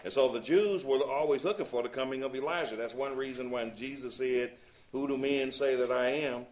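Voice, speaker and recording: A man's voice: medium pitch, fairly quick, darkish tone, slight background noise. Man teaching a Bible class, slightly muffled. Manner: reads scripture aloud and checks in with "you see?".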